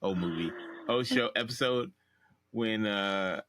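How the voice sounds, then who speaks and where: A man's voice: lowish voice, moderate pace, a bit bright, no room sound. A man co-hosting a casual chat about a TV episode, laughing easily and restarting his sentences. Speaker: podcast co-host.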